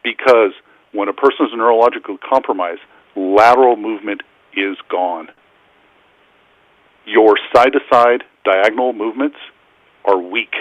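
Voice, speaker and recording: A man calling into a podcast as a doctor, explaining in a measured, authoritative way. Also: lowish voice, no room sound. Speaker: caller, physician. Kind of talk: call-in commentary. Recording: muffled phone-call audio.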